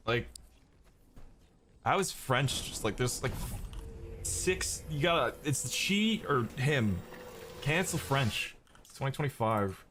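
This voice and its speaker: A man's voice: mid-range voice, fairly bright tone, slight background noise. A young adult man giving profane, rambling gameplay commentary as a streamer. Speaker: gaming streamer.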